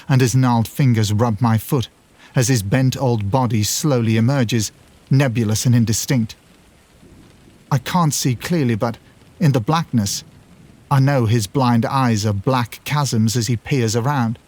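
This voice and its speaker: A man's voice: mid-range voice, a little mellow. A man with a British accent reading a first-person horror story in a tense, dramatic way. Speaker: narrator.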